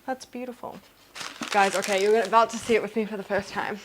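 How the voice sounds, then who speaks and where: A young woman from New Zealand talks through a casual unboxing vlog at home. She sits at an ordinary, middle pitch and gushes often, slipping into gasps as she goes. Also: brisk, background noise. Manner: excitable and gushing, with gasps. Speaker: vlogger.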